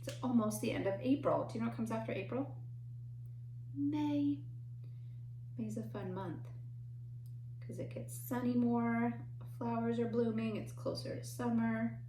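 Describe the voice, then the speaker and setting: A woman teaching a remote lesson to young children, speaking in a slow, patient, encouraging way. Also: on the high side, mellow. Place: home. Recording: echoey room, faint noise.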